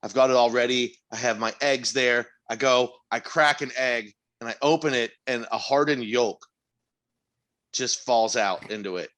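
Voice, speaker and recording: Recounting a maddening work story on a podcast he co-hosts, a man chats casually with a medium-pitched voice at normal speed. Exasperated and animated, he swears freely and his voice leaps up in disbelief until he's nearly shouting.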